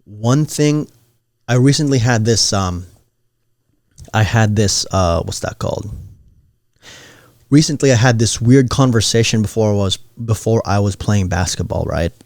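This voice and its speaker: A man's voice: on the low side, unhurried, long pauses, a little mellow, dry recording, studio quality. Slangy young man telling stories. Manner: rambling, joking, slangy. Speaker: podcast host. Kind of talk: solo podcast storytelling.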